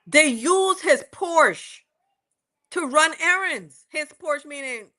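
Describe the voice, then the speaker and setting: A woman with a Caribbean accent from the Virgin Islands, chatting as a podcast co-host and acting out quoted dialogue in an animated way. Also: sits high, slow. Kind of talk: casual gossip chat.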